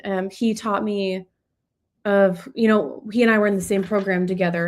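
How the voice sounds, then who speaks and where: A woman in a mid-range voice coaches her audience live, answering questions off the cuff. She talks loosely and chats her way through ideas, often restarting a sentence partway through. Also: medium pitch. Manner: conversational, loose, with fillers and restarts. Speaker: business coach.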